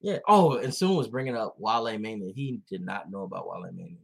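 A man chatting casually on a podcast, telling animated stories and laughing often. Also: fairly low pitch, a little fast, gravelly, slightly rough. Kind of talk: casual chat.

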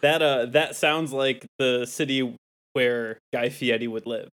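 A man's voice: mid-range voice, measured pace, fairly bright tone. Playful rambling male co-host. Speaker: podcast co-host. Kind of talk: comedy podcast chat.

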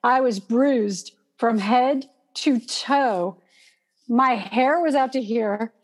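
Woman, high-pitched, casual storytelling, animated, acts out gasps. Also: takes it slowly. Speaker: guest telling a personal story.

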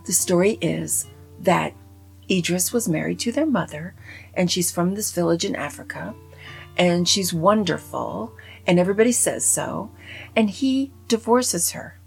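A woman giving a casual spoken movie review in an animated, opinionated, rambling way full of asides. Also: lowish voice, unhurried, gravelly, slightly rough, faint music behind. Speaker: film reviewer.

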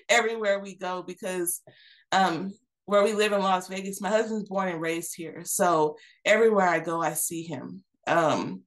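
A woman in her thirties speaks as a podcast guest in a fairly low voice. She talks earnestly and reflectively, circling back with fillers and restarts as she finds her words. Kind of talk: candid personal conversation.

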